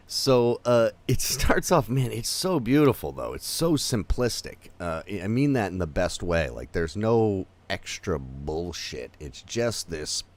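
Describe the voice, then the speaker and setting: Man, very low voice, casual movie review host, rambling and chatty, lots of ums. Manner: rambling, chatty, with many fillers.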